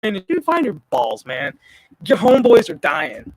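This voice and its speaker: A man hosting a gaming stream, telling a story in casual chat, profane and animated. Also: sits high, unhurried, vocal fry, no room sound.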